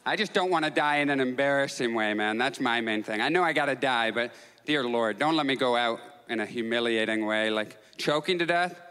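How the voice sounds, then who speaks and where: A man performing a stand-up comedy set, telling neurotic, self-mocking stories and jumping into high excited outbursts. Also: brisk, smooth. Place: stage in a comedy club with audience. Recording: live club recording with long reverb, faint crowd.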